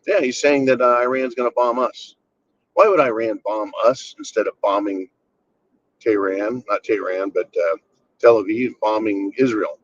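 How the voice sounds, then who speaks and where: A man's voice: fairly low pitch, slightly rough. A man from the United States hosting a blunt, profane and sarcastic commentary rant. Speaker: channel host. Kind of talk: ranting commentary monologue. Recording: slightly dull lo-fi sound.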